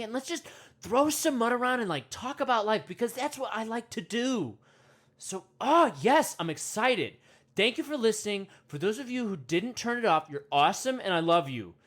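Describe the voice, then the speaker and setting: A woman playing an excitable male self-help podcast host who rambles, repeats himself and trails off mid-thought. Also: low-pitched. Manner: rambling, repeats words, trails off, grunts monkey noises. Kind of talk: comedic parody meditation podcast.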